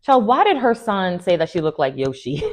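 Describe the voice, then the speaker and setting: A woman hosting a casual reality TV recap, animated and sassy, full of slang and quick laughs. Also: on the low side. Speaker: TV recap host.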